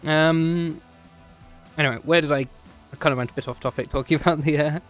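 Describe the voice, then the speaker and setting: A man's voice: a little high, fairly even intonation, a little fast, faint music behind. A British man streaming a casual history lesson, rambling, digressing and correcting himself with small laughs. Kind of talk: casual off-the-cuff history lecture. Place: home streaming setup, VR chat session.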